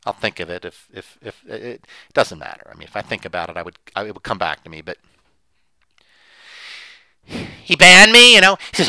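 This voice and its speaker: A man's voice: on the low side, huge pitch swings, moderate pace, pauses often, pushed and bright, no echo, rough recording. A man delivering an impassioned solo monologue as a commentator, emphatic and sarcastic, often repeating himself.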